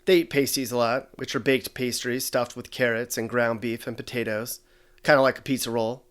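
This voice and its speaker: A man hosting a comedic explainer, narrating in a dry, sarcastic, deadpan way. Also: medium pitch, moderate pace. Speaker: host.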